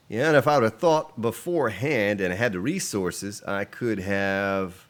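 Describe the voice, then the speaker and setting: A man casually commenting on his game during a live stream, chatting with viewers as he plays. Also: lowish voice. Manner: relaxed and chatty, reading out and answering viewer chat.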